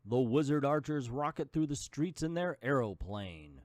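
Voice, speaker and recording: A man's voice: mid-range voice, sing-song, normal speed, a little mellow, dry recording. A man reading an old comic book aloud and adding jokey asides. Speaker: comic book reader and commentator.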